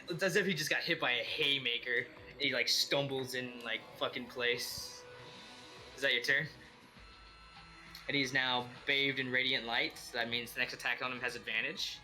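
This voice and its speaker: Bright-voiced man running a tabletop game. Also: medium pitch, fairly even intonation, unhurried, faint music behind. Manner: casual, loose, swears, many fillers. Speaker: dungeon master.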